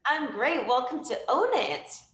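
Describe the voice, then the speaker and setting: A woman's voice: high-pitched, expressive, a little slow, fairly bright tone, roomy sound. A woman hosting a casual live-stream talk show, upbeat and chatty with lots of fillers. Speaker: livestream show host.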